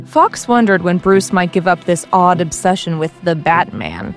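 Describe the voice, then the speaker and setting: A woman's voice: lowish voice, very animated, normal speed, few pauses, faint music behind. Woman narrating a wry comic story. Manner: wry, playful asides.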